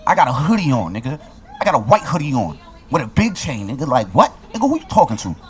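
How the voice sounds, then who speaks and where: A man's voice: mid-range voice, big pitch swings, fast, natural voice. A man putting on an impression of a brash adult man squaring up for a fight, taunting and repeating himself. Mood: defiant.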